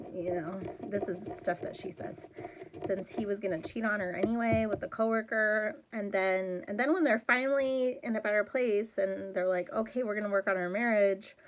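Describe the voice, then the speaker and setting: A woman's voice: medium pitch, a bit bright, slight background noise. A young adult woman talking through a movie plot in a loose, rambling way, full of "like" and "um", getting heated as she retells scenes. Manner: rambling, chatty, lots of "like" and "um"; gets heated and exasperated when retelling scenes. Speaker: movie reviewer. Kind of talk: casual chat.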